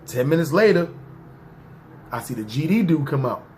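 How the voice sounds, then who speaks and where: A man's voice: a little high, very animated, normal speed, a little mellow, slight background noise. A man, telling a personal story in slangy, casual talk and often checking "see what I'm saying". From New York. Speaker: podcast storyteller.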